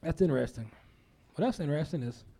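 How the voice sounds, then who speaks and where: A man's voice: fairly high pitch, animated, fast, gravelly, dark tone. A man hosting a casual talk show, folksy and rambling, a bit under the weather.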